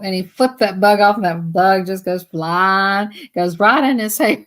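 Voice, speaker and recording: A woman's voice: medium pitch, expressive, slow. A woman live streaming, telling rambling stories in casual chat and laughing often as she talks.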